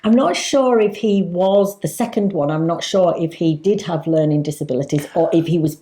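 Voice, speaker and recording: A woman from Leeds with a northern English accent, co-hosting a casual chat with enthusiastic, halting talk. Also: on the low side, warm tone. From Leeds, England. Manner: chatty, enthusiastic, halting with fillers. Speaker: co-host.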